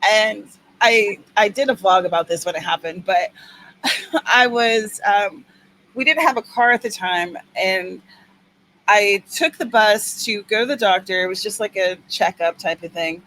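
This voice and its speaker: A woman's voice: mid-range voice, unhurried, fairly bright tone, slight background noise, low-quality recording. A woman co-hosting a casual writers' livestream, chatty and teasing, telling stories with animation. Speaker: writing livestream co-host. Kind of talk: casual chat.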